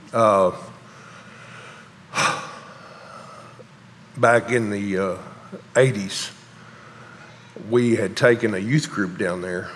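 A man, a pastor speaking haltingly and emotionally to his congregation, often pausing and sighing. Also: lowish voice, fairly bright tone, slight background noise. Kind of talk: emotional sermon announcements. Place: large church sanctuary. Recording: long hall reverb.

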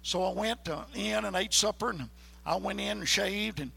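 A man's voice: high voice, normal speed, creaky, pushed and bright, husky. A man, a preacher telling a folksy, emphatic testimony story.

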